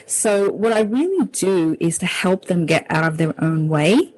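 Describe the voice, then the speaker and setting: A woman's voice: lowish voice, expressive, measured pace, darkish tone, low-quality recording. A woman with an Australian accent, a public speaking coach talking enthusiastically as an interview guest. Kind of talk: casual interview talk.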